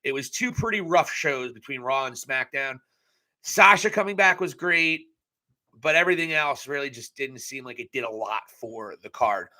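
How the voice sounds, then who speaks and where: A man's voice: mid-range voice, lively intonation, moderate pace, sharp tone. A young adult man giving a casual live recap of a wrestling show, blunt and profane with joking asides.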